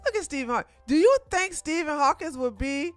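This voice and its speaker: A woman streamer giving casual livestream commentary while reviewing a show, animated and laughing often, with frequent restarts. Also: sits high, fairly quick, dry recording, soft background music.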